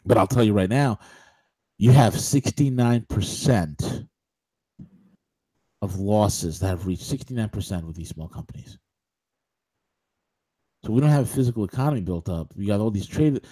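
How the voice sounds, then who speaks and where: A man's voice: fairly low pitch, expressive, normal speed, long pauses, dark tone, breathy edge, no echo, poor audio. A man co-hosting a political talk show, ranting emphatically with rhetorical questions and frequent restarts. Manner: many restarts and fillers. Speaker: show co-host.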